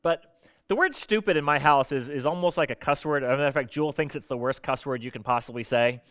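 A man preaching a sermon in a conversational, lively way, explaining Bible verses with everyday stories and acting out the voices he quotes. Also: medium pitch, fast, clear, resonant tone.

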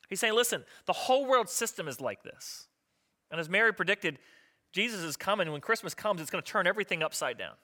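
A man's voice: high-pitched, animated, a little fast, bright, forceful tone. A man, a pastor, preaching a sermon in a conversational, joking way, acting out the voices of people in the story.

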